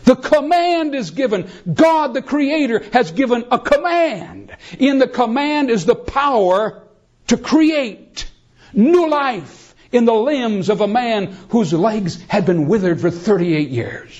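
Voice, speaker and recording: Animated preacher man with a lo-fi sound. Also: very high voice, unhurried. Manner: animated preaching, calls listeners beloved. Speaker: pastor. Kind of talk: sermon.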